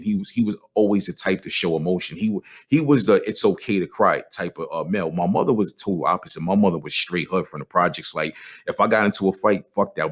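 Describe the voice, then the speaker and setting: Deep-voiced man talking candidly. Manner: candid, profane, with frequent restarts. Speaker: podcast host. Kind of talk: casual monologue.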